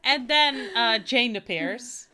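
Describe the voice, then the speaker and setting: A woman's voice: on the high side, animated, slow, bright, forceful tone. A woman co-hosting a casual film discussion podcast, chatty and amused, with plenty of fillers. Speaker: podcast co-host.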